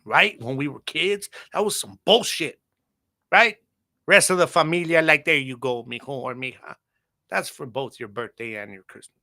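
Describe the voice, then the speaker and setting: Bright-voiced man telling a story. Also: medium pitch. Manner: animated, slangy, addresses audience directly. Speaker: podcast host. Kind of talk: casual storytelling to viewers.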